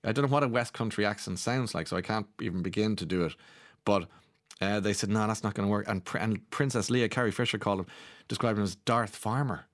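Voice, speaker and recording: Chatty Irish radio host, dry sound. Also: male voice, on the low side, fast, dry recording. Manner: chatty, gossipy asides. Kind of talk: casual radio chat, reading listener messages.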